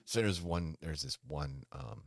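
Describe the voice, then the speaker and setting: Very deep gravelly-voiced man rambling. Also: animated, a little slow. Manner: rambling and hesitant, with many restarts and sighs. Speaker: livestream host. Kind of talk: casual livestream chat.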